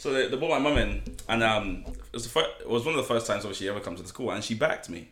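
A man from Nigeria talks on a podcast in a lively, bright voice that rises and falls freely. He tells stories with relish and acts out the people in them. The room around him sounds echoey. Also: on the low side, very fast. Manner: animated storyteller, acts out quotes, laughs often. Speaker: podcast guest. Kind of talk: casual podcast chat.

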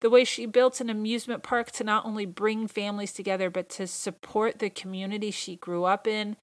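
A woman's voice: medium pitch, little pitch movement, brisk. A woman hosting her own podcast in a casual solo monologue, talking with gushing enthusiasm. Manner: enthusiastic, gushing fan talk. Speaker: podcast host.

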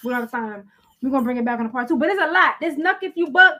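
High-pitched woman, podcast host, upbeat casual chat, keeps things moving. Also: expressive, very fast, bright, forceful tone. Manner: upbeat, wraps up and steers the talk.

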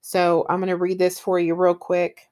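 A woman's voice: lowish voice, monotone, moderate pace, darkish tone. A woman enthusiastically talking about a novel in casual book talk, then reading a passage aloud. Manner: enthusiastic, with fillers like um and you know. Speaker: book reviewer.

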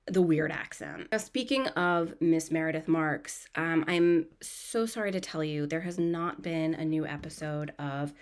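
A woman hosting a podcast, recapping a reality show in a chatty, gossipy, animated way. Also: lowish voice. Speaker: podcast host.

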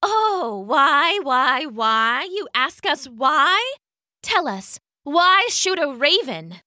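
A taunting fairy from a spooky storybook, voiced by a woman narrator, speaks in a high, bright croon. She stretches out her words, so her sweetness sounds cruel. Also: big pitch swings, no echo, clean studio sound, heavily acted. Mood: mocking. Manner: slow, crooning and mocking. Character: taunting female energy-stealing fairies, sweet turning sinister.

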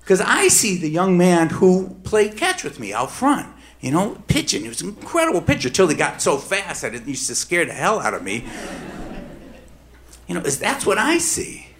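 A middle-aged man telling a personal true story on stage, emphatic and swinging between hushed and heated. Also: sits high, huge pitch swings, moderate pace, slight background noise.

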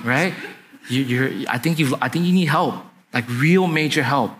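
A man's voice: mid-range voice, moderate pace, a bit bright, a little hiss or hum. A young adult man preaching a sermon in a conversational storytelling way, often checking in with his listeners. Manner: conversational, often asks "right?" to the congregation. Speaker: pastor.

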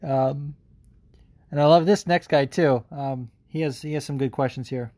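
Profane, rambling podcast host. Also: male voice, fairly high pitch, moderate pace, dark tone, no echo. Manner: profane, rambling, with many fillers. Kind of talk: casual podcast monologue.

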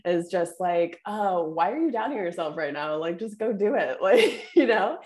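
A woman's voice: on the low side, lively intonation, normal speed, darkish tone. A woman guest in a casual podcast chat who talks in a chatty, rambling way full of "like" and "you know".

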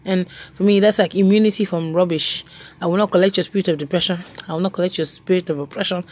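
A woman preaching a devotional message, animated and emphatic, laughing and telling stories. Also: on the low side, fast.

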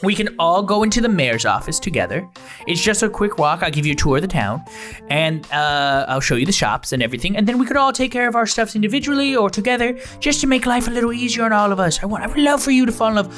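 A man voicing an eager, welcoming old male duck who is a town mayor, in a high, shouted, drawn-out voice. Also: soft background music.

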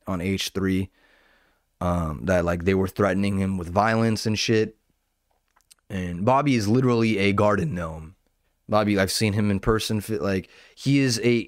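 A man's voice: on the low side, no echo, studio quality. A man ranting casually about online drama, profane and rambling, often breaking off and jumping between points. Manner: profane, rambling, self-interrupting. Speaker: commentator.

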